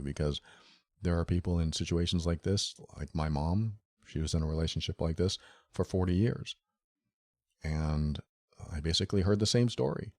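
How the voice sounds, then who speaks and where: A low-voiced man talks earnestly through a solo podcast episode. He speaks straight to the listener and circles back to his key phrases again and again. The sound is close and dry, with no room around it. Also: a little mellow, no echo. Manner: earnest, repetitive, addresses listener directly. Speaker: podcast host. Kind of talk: solo podcast talk on relationships.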